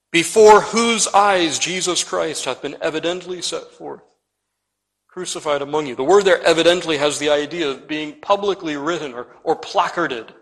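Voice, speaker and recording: A man preaching a sermon with pointed emphasis, swelling on key phrases and dropping to quiet endings. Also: high voice, long reverb tail, rough recording. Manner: pointed, rising and falling emphasis, trailing off to quiet ends.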